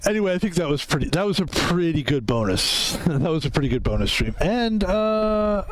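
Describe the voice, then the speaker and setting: Excitable man streaming a game. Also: on the high side, moderate pace. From Philadelphia, US East Coast. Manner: excitable, swears casually, talks to himself while playing. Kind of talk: live gameplay commentary.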